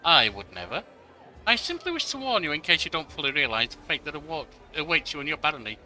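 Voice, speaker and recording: A man's voice: fairly high pitch, very animated, quick pace, pushed and bright, full character voice. A man reading a scheming noblewoman's lines aloud in a sweetly threatening manner. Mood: sugary threat. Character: scheming noblewoman, sugary and menacing.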